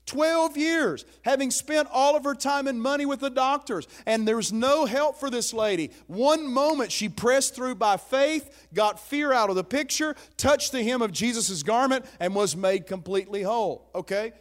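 A man's voice: extremely high pitch, normal speed, few pauses. A pastor preaching a sermon in an emphatic, conversational way, often checking in with his listeners.

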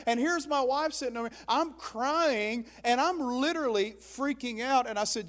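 A man's voice: very high voice, normal speed, few pauses, a bit bright. A man preaching a sermon as pastor, emphatic and exhorting his listeners.

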